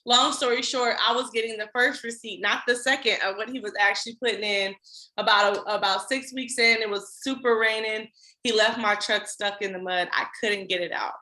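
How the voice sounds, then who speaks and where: A woman talks through her own story as a podcast guest, slipping into her old lines as she goes. Her voice is bright and forward, and it rings a little in an echoey room. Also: mid-range voice. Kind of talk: casual interview chat.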